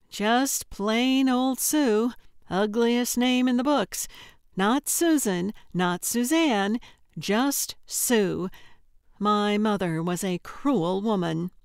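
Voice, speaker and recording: A woman narrator voicing a giggly, unhinged female kidnapper who talks in a high, bubbly, overly friendly sing-song. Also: creaky, no room sound, clean studio sound. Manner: chirpy and overly friendly, tittering. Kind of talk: audiobook character voice.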